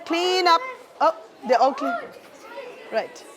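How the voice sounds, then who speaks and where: A woman's voice: very high voice, wildly swooping pitch, takes it slowly, crowd noise, background noise. A woman teaching a primary school science class, encouraging her pupils and calling them darling as she leads a clean-up and a discussion.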